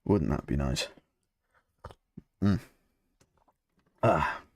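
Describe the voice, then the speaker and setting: A young British man with a very deep voice hosts a live painting stream, speaking very slowly with lively intonation. His talk is casual stream chat: rambling, sweary, and full of good-humoured grumbling.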